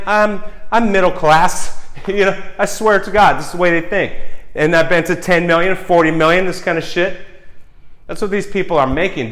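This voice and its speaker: A man's voice: on the high side, fairly bright tone. A man, a screenwriter, rants in a vlog monologue, swearing often, heated and rambling with many restarts.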